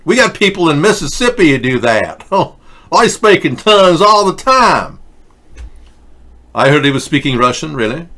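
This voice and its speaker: A man's voice: fairly high pitch, sharp tone. A man hosting a satirical political show, delivering sarcastic, mocking, rambling rants. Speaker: host.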